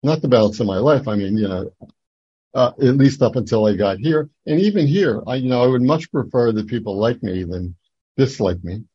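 An older man from New Jersey giving a personal testimony at a recovery meeting, rambling and halting with many fillers and restarts. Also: medium pitch, lively intonation, dark tone, slightly rough, no room sound, dull audio. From Atlantic City, New Jersey.

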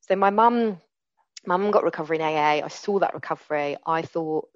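A woman's voice: deep voice, fairly quick, no room sound, highs cut off. A woman in her forties telling her recovery story candidly and earnestly, often restarting her sentences. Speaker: recovery speaker. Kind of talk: personal testimony.

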